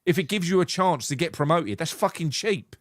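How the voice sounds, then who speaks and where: Animated English man chatting football. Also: on the high side, fairly quick, no room sound, clean studio sound. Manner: animated, swearing, reads out viewer comments. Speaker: podcast co-host. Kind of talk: casual football chat.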